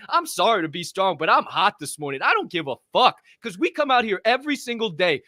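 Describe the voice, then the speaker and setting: A man in full heated rant mode on a podcast, cursing freely and hammering his points. His voice is bright and forceful and a bit high, recorded very dry and close. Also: very animated, fast talker, few pauses, no echo. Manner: profane, heated, swings loud and soft. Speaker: podcast co-host. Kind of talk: fired-up motivational rant.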